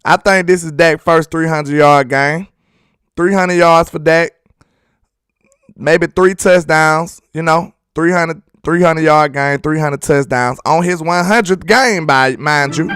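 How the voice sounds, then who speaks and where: Joking male football streamer, smooth voice. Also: a little high, slow, a bit bright, dry recording, clean studio sound. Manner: loose, joking, talks to chat, laughs often. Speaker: sports channel host. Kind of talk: casual livestream football talk.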